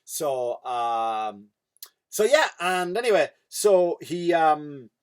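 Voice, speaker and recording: A man's voice: fairly high pitch, lively intonation, extremely slow, clean tone. An Irish man hosting a comedy podcast, telling a story in a wry, self-mocking way. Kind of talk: casual comedic monologue.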